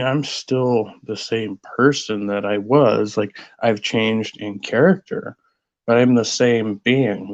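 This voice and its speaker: A man's voice: lowish voice, lo-fi sound. A man hosting a casual livestream, greeting viewers and musing aloud in a rambling way full of fillers. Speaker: host.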